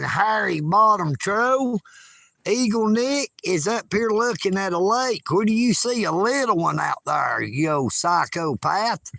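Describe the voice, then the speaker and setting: Folksy Southern man, bright and gravelly. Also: sits high, animated, slow pace, dry recording. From Georgia, United States. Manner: folksy, boastful, teasing chat viewers. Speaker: livestream host. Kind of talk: casual outdoor livestream chat. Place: outdoors at a lakeside park.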